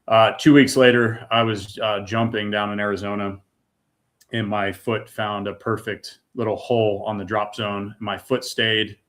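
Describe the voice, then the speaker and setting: A man's voice: on the low side, level tone, measured pace, a bit bright. A middle-aged man from the United States giving an emotional personal testimony, earnest and raw, repeating words when moved. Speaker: guest.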